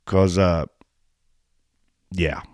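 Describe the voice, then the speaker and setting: A man co-hosting a casual podcast, telling a story in a blunt, animated way and swearing freely. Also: deep voice, drawn-out words, dry recording, studio quality. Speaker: podcast co-host and race filmer.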